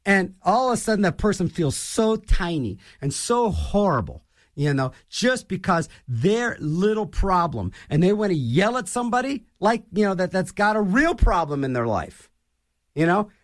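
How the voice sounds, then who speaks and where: A man with a high-pitched voice rants for laughs, his delivery swooping up and down as he rambles. He restarts his sentences often and slips into mock voices, keeping the monologue loose and animated. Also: normal speed. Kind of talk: comedic rant.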